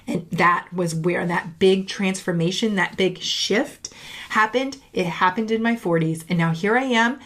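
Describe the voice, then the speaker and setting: A woman's voice: on the low side, normal speed, fairly bright tone. A woman in her late thirties, a leadership coach, talking in an upbeat, emphatic, chatty way in a casual reflective monologue to camera. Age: late 30s.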